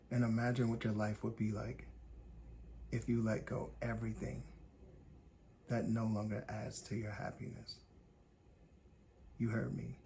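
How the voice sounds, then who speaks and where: A man from Indiana hosting a podcast, telling a personal story in calm, deliberate, short measured phrases. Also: lowish voice, gravelly, a little hiss or hum. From Gary, Indiana, USA. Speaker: podcast host. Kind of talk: reflective personal storytelling monologue.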